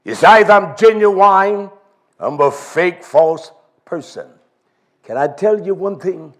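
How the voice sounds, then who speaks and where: A man's voice: high voice, expressive, slow pace, fairly bright tone. A man preaching a sermon in an emphatic, repetitive style, driving his points home.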